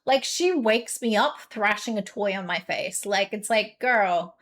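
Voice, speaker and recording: A woman's voice: medium pitch, a little slow, a bit bright. A young woman, chatting casually with her live-stream chat, giggly and full of fillers.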